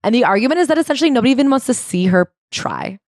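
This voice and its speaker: Woman co-host, casual book chat, lively, jumps high when excited, casual swearing, dry close sound. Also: rapid-fire, no room sound. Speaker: podcast co-host.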